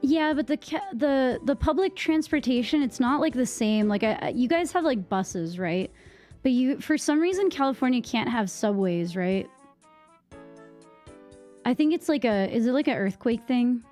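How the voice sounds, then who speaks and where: A young woman from Massachusetts with a Boston accent, chatting casually with her stream viewers, rambling with lots of fillers, on a boom-arm mic at home. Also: expressive, normal speed, a little mellow, soft background music. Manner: rambling, many fillers and restarts. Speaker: live streamer. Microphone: microphone on a boom arm.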